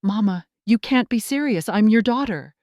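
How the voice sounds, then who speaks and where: A furious adult daughter, put on by a woman narrating the story. She shouts and pleads in turn, in a normal-pitched voice with a dry, close sound. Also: animated, normal speed, dry recording, close to an everyday voice. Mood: scornful.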